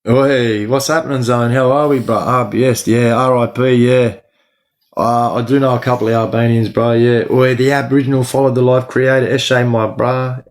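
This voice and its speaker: A middle-aged Australian man hosts a casual livestream in a mid-range voice with little pitch movement, speaking at normal speed. He answers viewers by name in slangy talk and says "bro" a lot.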